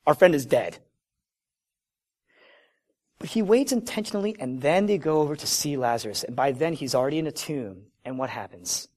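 A man preaching a sermon, animated, swinging between loud emphatic lines and low, quiet ones. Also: fast talker, hardly any pauses. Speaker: pastor.

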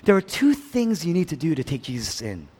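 A man preaching a sermon, emphatic and repetitive, swinging between hushed and loud passages. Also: on the high side, wildly swooping pitch, a little fast, breathy edge, long reverb tail. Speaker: pastor.

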